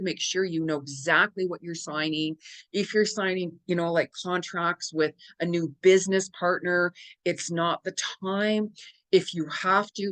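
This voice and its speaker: In a lowish voice, a middle-aged psychic talks casually to camera about astrology. She stays animated and chatty, voicing quoted reactions with dramatic jumps in pitch.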